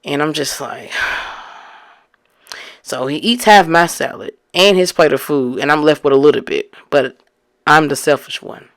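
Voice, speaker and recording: A woman's voice: deep voice, unhurried, long pauses. A woman casually telling a story from her own life and acting out both sides of the talk with rising exasperation. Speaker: storyteller recounting her own past relationship.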